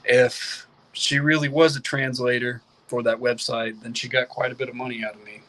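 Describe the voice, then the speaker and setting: Young male guest, plain-spoken and casual, bright and forceful tone. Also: medium pitch, flat delivery, normal speed, poor audio. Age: young adult. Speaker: interview guest. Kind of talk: casual interview talk.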